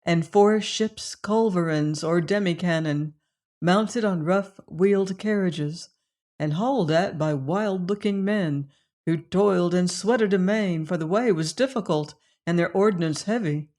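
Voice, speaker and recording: An audiobook narrator reading a classic adventure novel in a slow, measured, old-fashioned storytelling manner. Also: mid-range voice, a little mellow.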